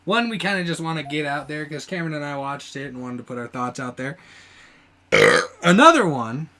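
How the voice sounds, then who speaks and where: High, bright-voiced young man telling stories. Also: normal speed. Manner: animated storyteller, acts out quotes loudly, laughs often. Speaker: podcast host. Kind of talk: casual chat.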